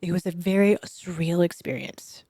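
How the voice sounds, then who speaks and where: A woman chiropractor, a guest on a podcast, telling a personal story in an animated way and dropping to a whisper for her remembered thoughts. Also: lowish voice, normal speed, breathy edge, dry recording, studio quality. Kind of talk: storytelling in an interview.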